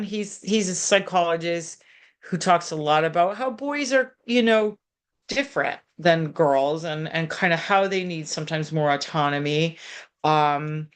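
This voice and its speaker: A middle-aged woman therapist talks through parenting advice in a loose, animated way. Her voice sits a little low, and she speaks with frequent asides and restarts. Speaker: therapist in private practice. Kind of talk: conversational advice talk. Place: local community TV program.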